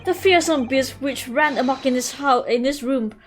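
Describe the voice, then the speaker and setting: A woman reading the lines of a pompous gentleman detective aloud from a game, with stumbles over the florid words. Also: sits high, moderate pace, close to an everyday voice. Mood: grandiose.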